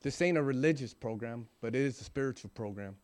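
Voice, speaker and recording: A man's voice: mid-range voice, fast talker, a little mellow, clear, resonant tone. A man in his forties giving an earnest, emphatic recovery testimony, often checking in with "right?". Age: 40s. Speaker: recovering alcoholic sharing his story.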